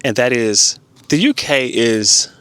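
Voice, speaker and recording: A man's voice: mid-range voice, lively intonation, slow pace, a bit bright, smooth, dry recording. An American man chatting casually in a family travel vlog, repeating words as he thinks aloud. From United States.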